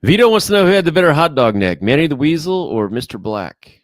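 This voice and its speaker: A man co-hosts, reading out listener questions in an upbeat, quick way. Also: a little high, big pitch swings, dry recording. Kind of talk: casual chat.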